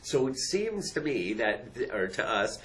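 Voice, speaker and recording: A man's voice: mid-range voice, very animated, a little slow, a bit bright, poor audio. A man hosting a talk on emotional skills, speaking in an earnest, repetitive way and laughing lightly between points. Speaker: host. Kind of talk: casual explanatory talk.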